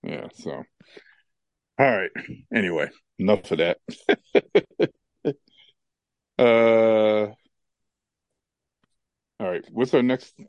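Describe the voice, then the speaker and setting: A man co-hosting a podcast, telling stories in a casual, animated way and laughing often. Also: on the low side, drawn-out words, pauses often, dry recording, lo-fi sound. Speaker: podcast co-host. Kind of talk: casual chat and storytelling.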